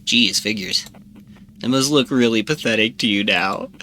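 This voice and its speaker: A man's voice: lowish voice, normal speed, sharp tone, a little hiss or hum. A man voicing a drunk young woman at a party, slurred and apologetic. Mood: mopey.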